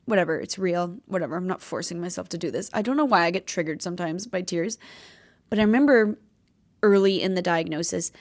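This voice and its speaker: A young woman hosting a podcast, talking in a casual, heartfelt and rambling way, with lots of filler words. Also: mid-range voice. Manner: earnest, rambling, filler-heavy, tearful at times. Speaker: podcast host.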